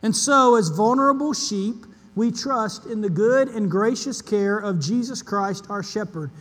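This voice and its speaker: High-voiced preaching man in reverberant hall. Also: unhurried, fairly bright tone. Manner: earnest preaching, emphatic repetition. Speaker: pastor. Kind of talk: sermon.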